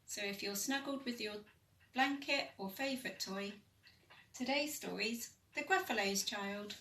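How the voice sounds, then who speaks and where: Lady reading a kids' story slow and soft, bright voice, echoey room, a bit far off. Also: medium pitch, slight background noise. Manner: gentle, slow and soothing reading. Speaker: pastoral worker. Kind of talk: reading a children's picture book aloud. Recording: echoey room, mic at a distance.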